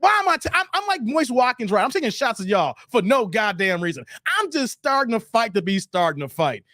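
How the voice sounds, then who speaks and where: High, lively man teasing his chat. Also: brisk, no echo, studio quality. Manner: playful teasing with frequent laughter and slang. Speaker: livestream host. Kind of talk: casual livestream chat reading viewer comments.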